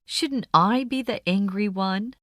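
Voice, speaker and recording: Woman reading practice phrases at an unhurried pace, mid-pitched, dry close sound. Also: a bit bright, dry recording. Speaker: phrase reader.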